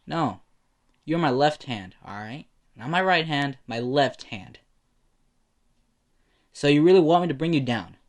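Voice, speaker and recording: A smug, taunting teenage boy with ice powers, voiced by a man. He talks in a relaxed, mocking way, slightly raised in pitch. The tone is casual and amateur. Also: a little slow, long pauses. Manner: taunting, laid-back.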